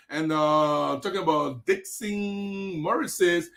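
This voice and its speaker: A man's voice: a little high, steady tone, slow pace, gravelly, few pauses, a bit bright. A man with a Liberian English accent hosting a live stream, talking in an emphatic, repetitive, preachy way. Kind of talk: impassioned political livestream.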